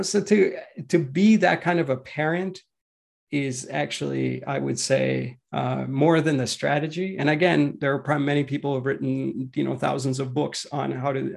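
A man's voice: medium pitch, gravelly, a little mellow, slightly rough. A man giving a reflective talk on parenting as a guest speaker, thoughtful and searching, with frequent restarts.

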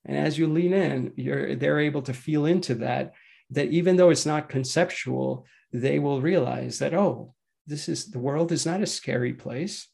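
A man's voice: on the high side, moderate pace, vocal fry, a little mellow, breathy edge. A man giving a reflective talk on parenting as a guest speaker, thoughtful and searching, with frequent restarts.

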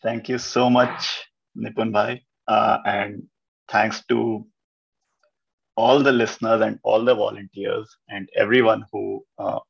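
Low, gravelly man on a dull call line. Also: level tone. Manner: earnest, grateful, halting with fillers. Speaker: host of the gathering. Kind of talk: closing remarks on a call. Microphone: call audio.

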